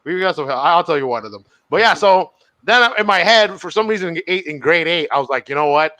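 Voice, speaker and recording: A young man co-hosting a comedy podcast, telling stories in an animated way and acting out his own lines in a higher voice. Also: brisk. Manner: animated, laughing, quotes himself in a higher voice. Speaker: podcast co-host. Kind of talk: casual comedic storytelling.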